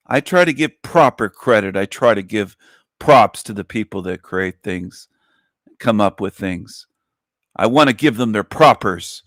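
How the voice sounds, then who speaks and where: A man's voice: fairly low pitch, fairly bright tone, dry recording, clean studio sound. A man hosting an online show in a mocking livestream monologue, with a repetitive, taunting, sing-song delivery.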